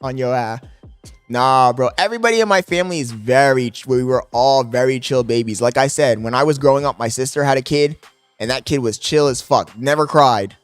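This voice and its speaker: A young man streaming live from his apartment, talking loudly and profanely to his chat into a desk microphone, laughing often. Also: mid-range voice, fairly quick, clear, resonant tone, dry recording, soft background music. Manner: loud, yelling into the mic, profane, laughing.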